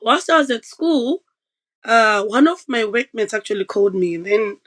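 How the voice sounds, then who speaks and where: Lively woman telling a personal story. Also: on the high side, normal speed, rough recording. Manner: animated, acts out quoted voices. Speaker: podcast guest. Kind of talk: casual storytelling.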